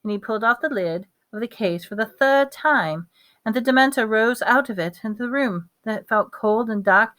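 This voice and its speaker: A woman reading a novel aloud at a steady pace, with small slips and restarts. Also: on the high side, moderate pace. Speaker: audiobook reader.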